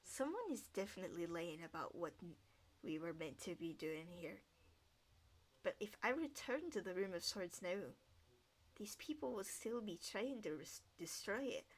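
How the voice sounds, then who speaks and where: A woman voicing a guarded, earnest young woman knight in a story game, speaking in a quiet, brooding inner monologue. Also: fairly low pitch, expressive, normal speed. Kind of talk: reading a story game aloud.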